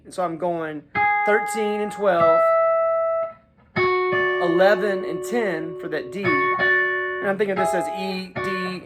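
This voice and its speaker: A man hosting a casual guitar lesson, folksy and chatty, often checking in with his listeners. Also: sits high. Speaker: guitar teacher and show host. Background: his own guitar playing.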